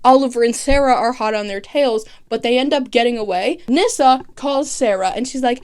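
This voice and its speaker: A woman's voice: a little high, moderate pace, hardly any pauses, smooth. A young woman casually recapping a TV season with chatty, sarcastic commentary, peppered with "like" and "okay". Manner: chatty, sarcastic, lots of 'like' and 'okay'. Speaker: recap host. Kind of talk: casual comedic recap narration.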